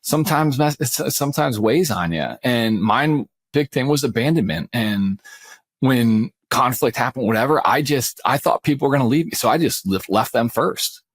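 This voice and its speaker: A man in his forties shares a personal story on a podcast call, circling back and restarting his sentences as he goes. His voice sits at a middling pitch, and the sound is dry and close with no room to it. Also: animated, normal speed, husky, no echo. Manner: rambling, many restarts, says "man" and "dude". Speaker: podcast co-host. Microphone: remote call.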